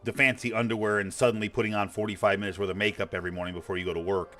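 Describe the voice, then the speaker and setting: Gamer streamer, man in his forties, low voice, swears freely, wanders off topic. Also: little pitch movement, very fast, fairly bright tone, faint music behind. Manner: blunt, profane, rambling. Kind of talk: casual chat while gaming.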